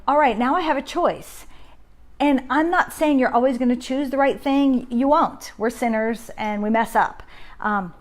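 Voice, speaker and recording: A woman in her thirties hosting a casual parenting live stream from home on her phone, talking conversationally and acting out inner self-talk. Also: on the high side. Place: home, indoors. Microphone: phone camera.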